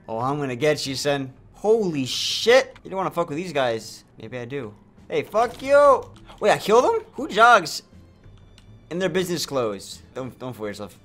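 A young man giving comedic, joking commentary over a video game, often breaking into loud sworn outbursts. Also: medium pitch. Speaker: gaming YouTuber.

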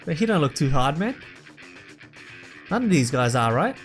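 High-voiced excitable young gamer guy. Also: moderate pace. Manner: excitable, slangy, calls out at the game. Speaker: let's play gamer. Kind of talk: casual gameplay commentary. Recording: loud game music underneath. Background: game music.

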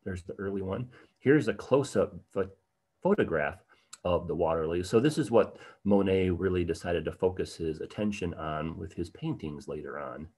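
This is a livestream slideshow lecture on art history, led by a man whose voice is low, a little mellow, and husky, at a normal pace. He keeps it conversational with frequent fillers like um and uh while fielding chat questions.

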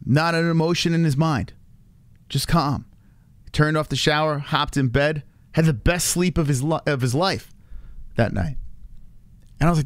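A man's voice: on the high side, moderate pace, long pauses, no echo. A man in his thirties hosting a casual livestream chat, rambling with fillers and restarts and swearing freely. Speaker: streamer host.

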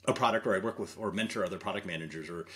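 A man's voice: low voice, very fast, fairly bright tone. A middle-aged man, an investor guest in an interview, telling stories with many fillers and acting out remembered dialogue. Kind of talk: interview storytelling.

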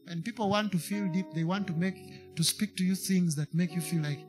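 A man's voice: high voice, fast, over music. A man with a Kenyan English accent preaching a sermon to a congregation, slipping into Swahili and repeating lines for emphasis.

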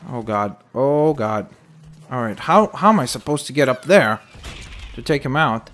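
A young man giving casual running commentary over a shooter game, animated and quick to exclaim when things go wrong. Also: medium pitch. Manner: animated, exclaims at setbacks, jokey asides. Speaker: gameplay commentator. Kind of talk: gameplay commentary.

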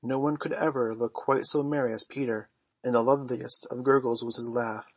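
Husky-voiced man narrating a storybook. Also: mid-range voice, steady tone, no echo. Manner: measured storytelling. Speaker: audiobook narrator. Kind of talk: scripted narration of a classic novel.

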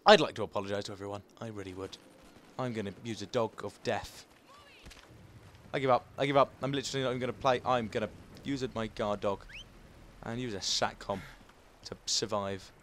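A man's voice: fairly low pitch, steady tone, fairly quick, pauses often, a bit bright, a little hiss or hum. A man giving live gameplay commentary as a gaming video host, swinging between frustrated outbursts and muttered asides.

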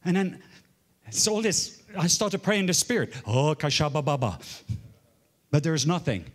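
A man in his forties from Norway, preaching a sermon as a story, swinging from loud exclaims to hushed murmurs. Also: high-pitched, sing-song, normal speed. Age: 40s. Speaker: guest preacher.

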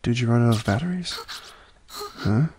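A young man hosts a let's play and reads the game's dialogue aloud into a desk mic. He talks at an ordinary pitch, and his reactions come out excitable and full of swearing. A faint hiss sits under the recording. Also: normal speed. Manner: excitable, profane. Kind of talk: game commentary, reading dialogue aloud.

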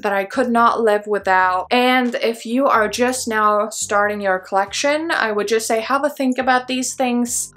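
A young woman in her twenties talks straight to camera about her favourite things. She rambles freely, dropping fillers and laughing at her own asides. Her voice sits in an ordinary middle pitch. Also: a bit bright. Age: 20s. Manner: chatty and rambling, many fillers, self-mocking asides. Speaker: luxury fashion vlogger. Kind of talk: casual chat to camera.

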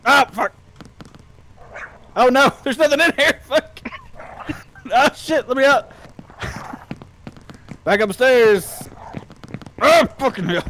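A man in casual gameplay banter, excitable, swearing and laughing often. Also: extremely high pitch, slow pace, long pauses, a little hiss or hum. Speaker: gamer.

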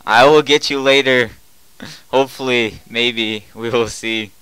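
A young man commenting on a game he is playing at his computer, moving from quiet muttering to loud panicked yelling, with a smooth voice and an unhurried pace. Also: mid-range voice, steady tone, dry recording, rough recording. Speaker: gaming commentator. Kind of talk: excited gameplay commentary.

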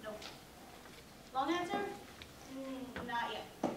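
A woman's voice: sits high, animated, takes it slowly. A young woman giving a personal talk at a student event, humorous and sarcastic, poking fun at herself. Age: young adult. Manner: humorous, self-mocking, sarcastic. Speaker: student speaker. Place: lecture hall at a campus event. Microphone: not using the mic. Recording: very echoey hall, distant from mic, noisy.

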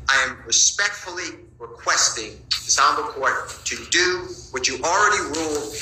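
A man's voice: on the high side, bright, forceful tone. Insistent male lawyer in an echoey courtroom. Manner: insistent, pleading, repeats his points. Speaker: defense attorney. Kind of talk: courtroom argument to a judge.

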